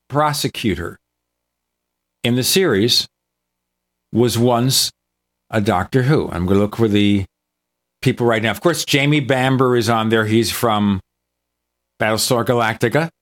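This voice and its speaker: A man's voice: medium pitch, fairly bright tone. A man hosting a tech talk show in casual, enthusiastic chat that wanders from point to point. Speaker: show host.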